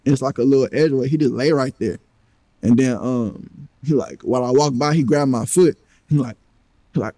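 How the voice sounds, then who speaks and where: A man recounts a story in an interview, acting out the quoted exchanges as he goes. His voice is mellow and dark, recorded dry and close with no room sound. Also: mid-range voice, a little fast, no room sound. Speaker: interview guest.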